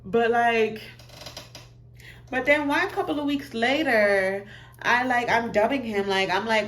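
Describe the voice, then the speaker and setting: A young woman telling a casual storytime, animated and laughing, acting out voices in quotes. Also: on the high side, measured pace, echoey room. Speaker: vlogger.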